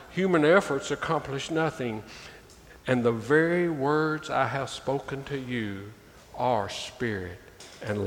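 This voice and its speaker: A male pastor delivers a sermon, reading scripture with emphatic swells and calling out to his "folks." His mid-pitched voice rings with a long hall reverb over faint ambient noise. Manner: preaching, reading scripture aloud with emphatic rises; addresses listeners as "folks".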